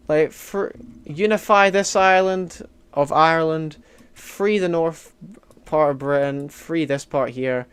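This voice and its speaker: A young Scottish gaming streamer chats casually while playing a strategy game, reading chat and answering with jokey, mock-indignant outbursts. His slightly high voice moves at a measured pace with a clean tone, swinging between mumbled asides and loud mock outrage.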